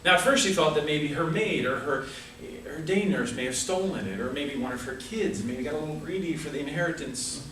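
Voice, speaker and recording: Fairly quick with hardly any pauses, a man with a fairly high, slightly bright voice delivers a rehearsed funny story with comic asides at a speaking club. The audio, taken from a distance in an echoey club room, has a little hiss or hum.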